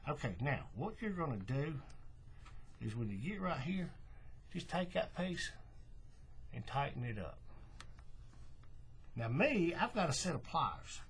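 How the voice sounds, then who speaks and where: A man's voice: a little high, big pitch swings, measured pace, pauses often, slight background noise. A man giving a casual, chatty craft demonstration, often checking in with "right?" and correcting himself as he goes. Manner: chatty, repeats "right?" and "okay", restarts and self-corrections. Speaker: paracord bracelet instructor.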